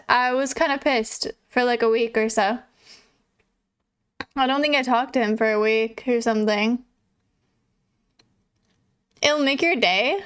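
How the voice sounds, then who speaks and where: Young woman streamer, laid-back chatter, slightly high, clear and smooth voice, cusses casually. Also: a bit bright. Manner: chatty, swears casually, laughs often. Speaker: livestreamer. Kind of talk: casual chat reading viewer messages.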